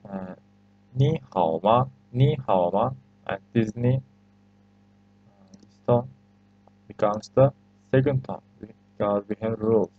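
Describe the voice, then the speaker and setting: Slow, patient man with a Turkish accent. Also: on the low side. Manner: patient, hesitant, repeats phrases for learners. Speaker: language teacher. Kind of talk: screen-recorded language lesson. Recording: slightly muffled lo-fi recording.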